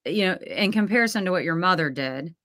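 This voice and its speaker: A woman's voice: lowish voice, lively intonation, fast, a bit bright, no echo, clean studio sound. A woman co-hosting a talk show, affirming and encouraging in casual chat. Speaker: co-host.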